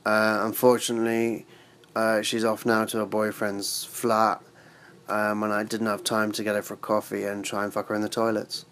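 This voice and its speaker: A man talking as an interview guest, halting and restarting words, crude and frank. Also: on the low side, monotone, fairly bright tone. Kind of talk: casual interview chat.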